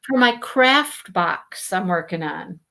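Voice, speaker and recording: A woman hosting a casual live stream, chatting with viewers and telling stories in an animated way. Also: lowish voice, takes it slowly, gravelly. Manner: chatty, animated storytelling, greets viewers by name. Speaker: livestream host.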